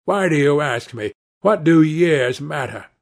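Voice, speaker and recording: Male narrator as a menacing sailor in an audiobook, slow, emphatic, somewhat high voice. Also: lively intonation, vocal fry. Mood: shaken. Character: vengeful rough sailor brother, threatening, grim.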